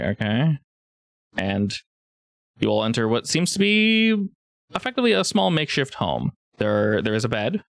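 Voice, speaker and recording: A man narrating a tabletop game as game master, relaxed and halting, with many fillers. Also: fairly low pitch, no echo.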